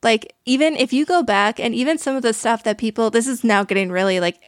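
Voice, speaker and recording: A woman's voice: fairly high pitch, fast talker, no echo. Young woman on a podcast, talks a lot, says like a lot, dry close mic. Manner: chatty, explains with lots of likes. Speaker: podcast co-host. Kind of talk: casual chat.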